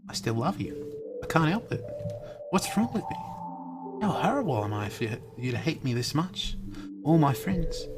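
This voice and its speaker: Brief: male streamer as a lovesick, obsessive schoolgirl president, British accent, high, halting and tearful. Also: big pitch swings, music in the background. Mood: despairing. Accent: put-on British. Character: heartbroken teenage girl club president, obsessive. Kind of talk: live dramatic reading of a visual novel.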